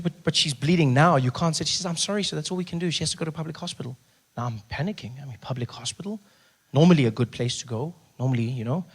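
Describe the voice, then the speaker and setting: A man in his thirties from South Africa telling a stand-up story on stage, acting out every character with sudden loud outbursts. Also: fairly high pitch. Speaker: stand-up comedian. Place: theater stage before a live audience.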